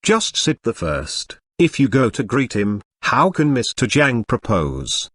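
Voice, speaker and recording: A man reading the lines of a smiling male host, gently persuasive. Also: mid-range voice, very animated, measured pace, slightly rough, dry recording, clean studio sound, exaggerated voice. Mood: gentle. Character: smiling adult male host advising the family.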